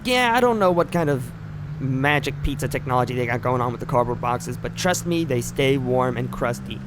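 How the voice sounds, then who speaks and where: A man's voice: mid-range voice, lively intonation, fairly quick, noisy background. A man streaming a driving game, talking in rambling, joking asides full of fillers. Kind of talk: casual gameplay commentary.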